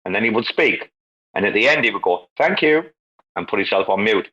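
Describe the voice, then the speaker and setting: A man's voice: lowish voice, fast, pushed and bright, breathy edge, lo-fi sound. A man hosting a casual online voice chat, rambling and swearing freely, laughing often. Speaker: podcast host. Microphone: online audio chat.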